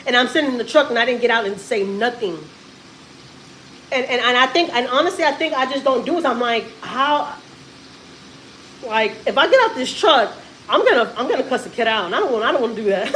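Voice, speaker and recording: Woman, 30s, livestream vent, fairly high voice, faint background hum. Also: poor audio. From Houston, Texas. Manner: animated, frequent cussing and laughing. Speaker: vlogger and mother. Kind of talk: casual venting livestream.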